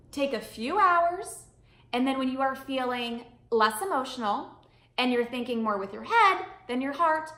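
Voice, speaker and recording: A woman's voice: high-pitched, pushed and bright, roomy sound. A woman giving upbeat, emphatic, chatty advice straight to camera in a vlog as a media coach.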